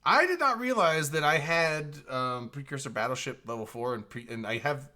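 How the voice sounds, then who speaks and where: A man's voice: mid-range voice, expressive, moderate pace, sharp tone, slight background noise. A man co-hosting a casual live-streamed chat, laughing often and telling stories with acted quotes. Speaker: podcast co-host.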